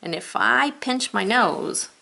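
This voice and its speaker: A woman teacher leading a spelling lesson, sounding out letters and words step by step and gently talking the viewer through each task. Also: a little high, animated, takes it slowly, creaky.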